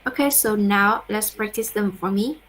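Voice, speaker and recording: A woman teaching an English pronunciation lesson, modeling words slowly for her students to repeat. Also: medium pitch, a bit bright, rough recording.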